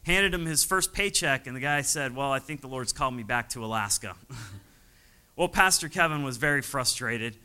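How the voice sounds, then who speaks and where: A man's voice: mid-range voice, lively intonation, normal speed, pushed and bright, clear, resonant tone, poor audio. A man, a missionary pastor, telling his story from the pulpit, chuckling often and acting out the voices of people he quotes. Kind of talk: testimony from the pulpit.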